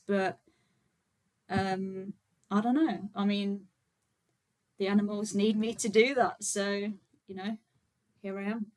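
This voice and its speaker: Young woman, casual livestream host, chatty, lots of filler words. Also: medium pitch. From Birmingham, England. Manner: chatty and informal, many fillers, talks to viewers while setting up. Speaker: livestream host, vegan activist.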